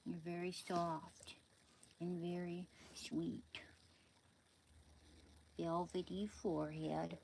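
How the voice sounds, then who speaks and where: Livestreamer, female, lowish voice, unhurried, soft coos and whispers to her pet, casual chat with viewers, noisy home recording. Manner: coos and whispers softly to her dog, then chats loosely with viewers. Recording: clear steady background noise.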